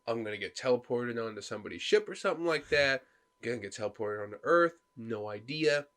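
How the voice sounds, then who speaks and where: A man's voice: medium pitch, fast talker. A man on a casual podcast, telling stories with lots of energy and acting out the characters' lines as he goes. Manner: animated storyteller, acting out game characters' lines. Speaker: podcast co-host. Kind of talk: casual chat about video games.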